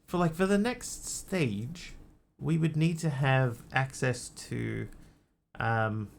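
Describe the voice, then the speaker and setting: Creaky-voiced man streaming a game. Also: mid-range voice, slow. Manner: thinks aloud, muttering asides. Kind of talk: casual live gameplay commentary.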